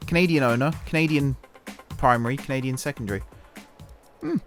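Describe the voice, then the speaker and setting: A man's voice: mid-range voice, very animated, moderate pace, pauses often. A man hosting a gaming channel, chatting and joking to himself while commentating a racing game. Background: game music and engines.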